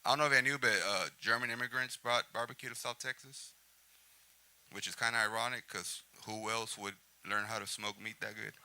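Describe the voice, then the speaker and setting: A man's voice: lowish voice, steady tone, brisk, sharp tone, a little hiss or hum. A man doing a stand-up set in a comedy club, chatting with the crowd between one-liners. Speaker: stand-up comic.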